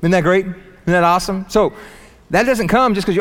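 A man preaching a sermon in church, animated and humorous, jumping between loud bursts and quiet asides and laughing at his own jokes. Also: high voice, brisk, pauses often. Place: church sanctuary.

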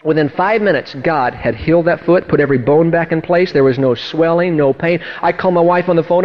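A pastor telling a testimony from the pulpit, acting out the people in his story with lively storytelling. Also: a little high, quick pace, few pauses, highs cut off. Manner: animated storytelling, acting out quoted voices. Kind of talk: sermon testimony.

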